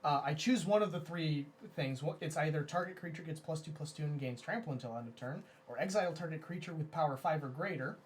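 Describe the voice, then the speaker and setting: A man's voice: fairly high pitch, fast, hardly any pauses, slight background noise. A man on a live stream chatting casually while playing a card game, walking the others through card rules at length. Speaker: stream co-host and card player. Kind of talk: casual gaming chat.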